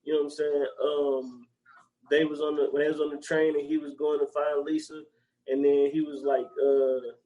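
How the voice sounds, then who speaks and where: Animated, profane young man retelling comedy scenes. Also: normal speed, lo-fi sound. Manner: animated, profane, jumps into loud high-pitched character voices. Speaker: podcast co-host. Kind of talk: casual chat recounting movie scenes.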